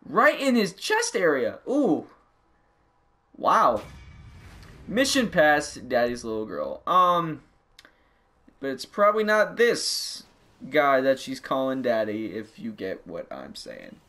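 A young man commentating a video game playthrough, excitable and rambling with lots of stammering restarts. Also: medium pitch, slow pace, pauses often. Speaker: gaming YouTuber. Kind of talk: let's play commentary.

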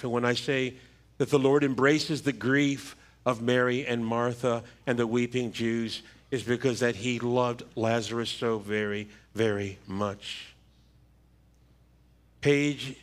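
A middle-aged man, a pastor, giving a funeral sermon in a church with a measured, halting delivery and repeated words. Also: mid-range voice. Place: church sanctuary. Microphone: livestream church microphone.

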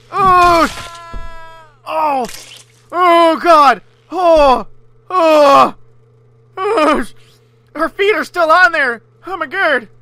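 A gaming channel host giving let's-play commentary, excitable, yelling and swearing at the game. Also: sits high, no room sound.

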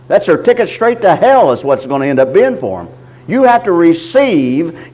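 High-voiced preacher, halting and deliberate. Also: male voice, darkish tone, low-quality recording. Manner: slow, deliberate scripture reading with frequent halting repeats. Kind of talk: sermon teaching.

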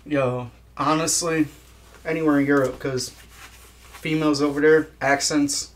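A man's voice: fairly high pitch, steady tone, unhurried. A young man chatting casually in an interview, laid-back, swearing a lot and laughing at his own jokes. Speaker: guest musician.

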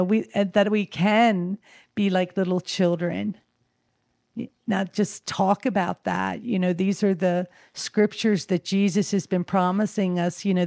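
A woman sharing her faith at a spiritual gathering, earnest and gentle, searching for words with many fillers and restarts. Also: fairly low pitch, vocal fry, no room sound, clean studio sound. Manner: gentle and devotional.

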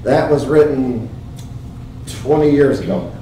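A man's voice: mid-range voice, measured pace, warm tone, distant mic, slight background noise. A pastor preaching a sermon in a church, earnest and emphatic, putting rhetorical questions to his congregation. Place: church sanctuary. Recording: very echoey church, heard from afar.

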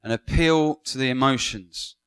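A man's voice: medium pitch, normal speed, fairly bright tone, clean tone. Man lecturing a class. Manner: engaging, asks the class questions and praises answers. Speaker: Bible school lecturer. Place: lecture room with students.

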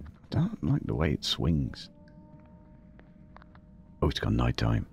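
A young gaming channel host plays a horror game, keeping his voice hushed and low so the mic doesn't pick up too much. He mutters casual commentary peppered with swearing, his pitch swinging widely and his tone slightly rough.

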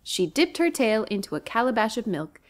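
A woman's voice: fairly high pitch, normal speed. A children's librarian, a woman, reading a storybook aloud to children with expression. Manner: expressive, animated.

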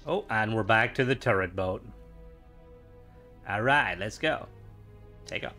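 Soft background music plays as a young man streams a game, speaking a little slowly in a fairly low voice that sounds pushed and bright. His chat is casual and meandering, full of fillers and playful asides.

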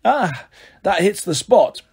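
An easygoing, sly middle-aged god with a casual charm, read by a male narrator. The voice moves around a lot in pitch. It sounds a touch husky. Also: big pitch swings, slow, darkish tone, exaggerated voice. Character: relaxed, sly male messenger god in his forties.

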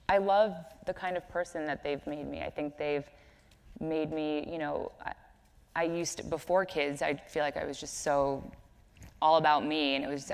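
Low-voiced woman guest in a hall. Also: smooth. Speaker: guest at a stage talk. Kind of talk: onstage interview answers. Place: stage of a live event in a hall. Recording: echoey hall.

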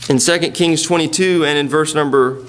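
A man's voice: a little high, fairly even intonation, moderate pace, slight background noise. A man preaching a sermon in a church, reading scripture and talking to the congregation in a conversational way with rhetorical questions. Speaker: pastor. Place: church sanctuary.

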